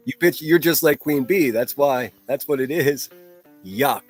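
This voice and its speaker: A man's voice: mid-range voice, unhurried, slightly rough, faint music behind. A man hosting a solo livestream, ranting in a profane, mocking and combative way. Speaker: livestream host.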